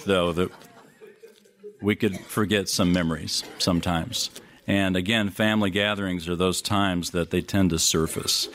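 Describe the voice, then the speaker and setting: A middle-aged male pastor preaching a sermon, telling a long story with sudden rises and drops in his voice and hesitant restarts. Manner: storytelling, wide swings in pitch and loudness, hesitant restarts.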